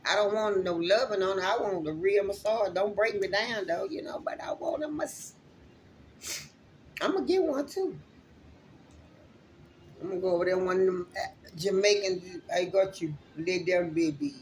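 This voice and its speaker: A woman's voice: medium pitch, moderate pace, slight background noise. A woman gives a loose, heartfelt spiritual reading to her viewers in a mid-range voice. She is chatty and openly emotional, and she swears freely as she talks straight to her audience. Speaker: spiritual reader.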